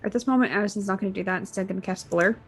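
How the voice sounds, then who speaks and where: A woman's voice: mid-range voice, racing, faint music behind. A woman playing a tabletop game, declaring her turn with hesitant fillers. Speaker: player.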